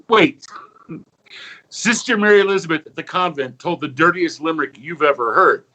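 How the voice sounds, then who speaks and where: A man telling a long joke and then a rhyming story, animated, with stammers and restarts. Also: on the high side, brisk, rough recording. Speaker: comedy performer.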